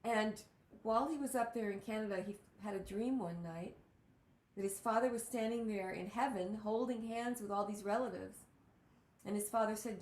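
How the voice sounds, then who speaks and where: A woman hosts a casual talk show and tells her stories with animated exclamations. Her voice sits in a middle range, and the recording carries a roomy echo. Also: medium pitch, moderate pace. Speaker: host. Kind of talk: casual storytelling chat.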